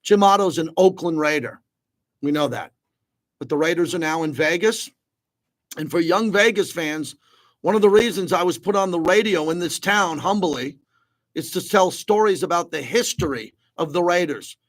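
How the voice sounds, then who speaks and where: A male sports talk radio host speaks in a conversational, reflective way. His voice sits a little higher than most men's. He keeps the segment moving briskly.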